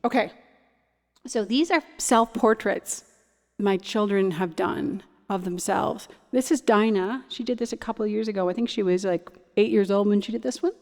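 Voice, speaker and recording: A woman's voice: mid-range voice, moderate pace, vocal fry, a little mellow. A woman in her thirties or forties, from Ontario, hosting a cabaret livestream and chatting casually between songs, rambling and restarting her sentences. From Ontario, Canada. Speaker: cabaret host and singer. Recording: long hall reverb with faint music.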